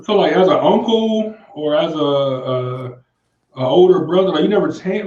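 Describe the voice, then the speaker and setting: A man's voice: a little high, expressive, measured pace, a little mellow, reverberant, highs cut off. A man co-hosting a casual podcast and reading out viewer comments, talking in a laid-back way, repeating himself and trailing off. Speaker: podcast co-host.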